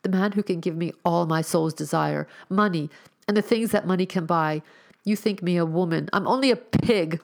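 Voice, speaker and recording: A woman's voice: lowish voice, creaky, darkish tone. Woman reading as a bitter, petulant young girl. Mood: vehement. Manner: quick, vehement speech.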